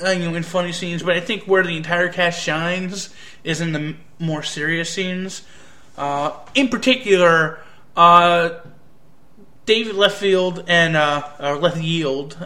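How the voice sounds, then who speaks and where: A man's voice: fairly high pitch, pushed and bright. An American man giving a casual spoken review, hesitant and rambling with frequent restarts. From United States. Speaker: anime reviewer.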